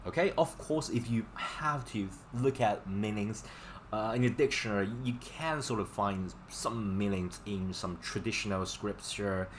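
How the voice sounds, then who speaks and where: Male Chinese tutor on a live stream, slightly low voice, loose filler-heavy delivery, faint hum behind. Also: a little slow. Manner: casual, filler-heavy explaining, repeats words for drilling. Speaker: Chinese teacher. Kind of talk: live-stream language lesson.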